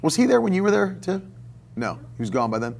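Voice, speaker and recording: A man's voice: high voice, very animated, a little fast, vocal fry, a little mellow. A man preaching a sermon as pastor, talking in a loose, conversational way and often repeating and restarting words. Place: church.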